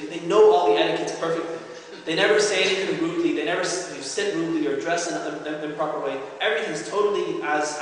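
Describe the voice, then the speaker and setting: A man's voice: fairly high pitch, a bit bright, far from the mic, slight background noise. A man giving an earnest, explanatory religious lecture to a congregation, often checking in with his listeners. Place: large hall at an Islamic center. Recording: very echoey hall with long reverb.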